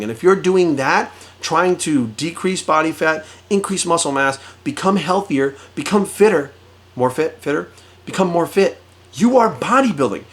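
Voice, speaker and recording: A man's voice: a little high, fairly bright tone. Blunt, cursing middle-aged man. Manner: blunt, heavily profane, storytelling with quoted voices. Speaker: fitness coach. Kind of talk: profane direct-to-camera rant.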